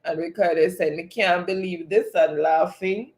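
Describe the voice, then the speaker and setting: A man's voice: high-pitched, fairly even intonation, normal speed. A man with a Jamaican accent hosting a livestream quiz, reading chat aloud and laughing often.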